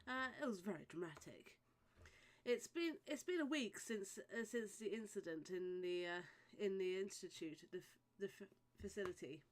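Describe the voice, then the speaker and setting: A woman's voice: medium pitch, lively intonation, moderate pace, a little hiss or hum. A woman running a tabletop game as game master, talking hesitantly with many fillers. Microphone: voice chat microphone.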